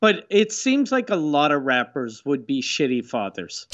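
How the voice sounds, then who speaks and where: A man jokes crudely in a casual podcast chat and chimes in often to agree. His voice is high and bright, with a pitch that swings a lot. The talk stays loose and banter-like. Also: very animated, unhurried, lo-fi sound. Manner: joking, crude, frequent agreeing. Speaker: podcast co-host.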